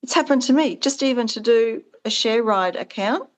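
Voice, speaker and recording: A woman's voice: on the high side, moderate pace. A woman being interviewed as the founder of a farming support business, talking earnestly and with animation, her voice jumping up when she acts out quoted exchanges. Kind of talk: conversational interview.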